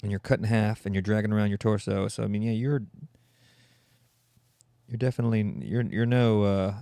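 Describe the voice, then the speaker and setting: A man's voice: fairly low pitch, flat delivery, brisk, gravelly, dark tone, clear, resonant tone, no echo, studio quality. A man hosting a solo comedy podcast, rambling and mocking in a sarcastic tone. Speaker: podcast host.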